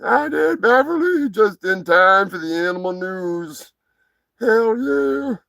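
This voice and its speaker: High, gravelly male stream host. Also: lively intonation, takes it slowly, no room sound, rough recording. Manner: rambling, crude, mock-shouting. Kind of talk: crude comedic live stream chat.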